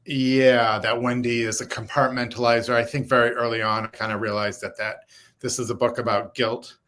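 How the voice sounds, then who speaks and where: A man's voice: mid-range voice, flat delivery, moderate pace, fairly bright tone, slight background noise. A man guesting on an interview show, talking in a thoughtful, explanatory way. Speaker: author guest. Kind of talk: casual interview chat.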